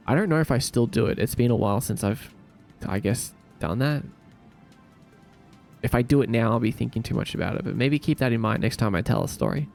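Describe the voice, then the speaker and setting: Reading through comments on a casual live stream, a young Australian man with an Australian accent stays laid-back and jokey, throwing in silly impressions. His voice sits in the mid range, gravelly and a little mellow.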